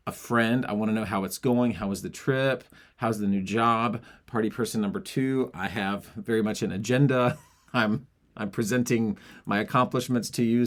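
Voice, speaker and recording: A man with a lowish voice teaching a singing lesson. He explains vocal technique in a clear, steady way and now and then drops into little demonstrations. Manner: explanatory, with sung and spoken demonstrations.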